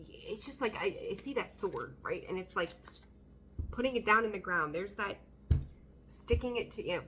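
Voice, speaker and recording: A woman's voice: medium pitch, lively intonation, moderate pace, sharp tone, slight background noise. A woman doing a casual tarot reading, talking bluntly, swearing freely and laughing often. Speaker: tarot reader.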